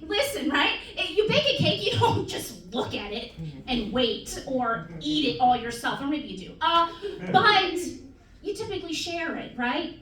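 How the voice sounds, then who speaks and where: A woman performing a stand-up comedy set on a club stage, animated and laughing often at her own jokes. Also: extremely high pitch, normal speed, heavy background noise. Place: comedy club stage before a live audience. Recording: echoey room, crowd laughter, distant mic. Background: audience laughing.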